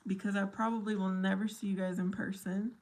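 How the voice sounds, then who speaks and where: A woman's voice: mid-range voice, level tone, fairly quick, darkish tone. A middle-aged woman hosting a casual livestream chat with her viewers, silly and giggly. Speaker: livestream host.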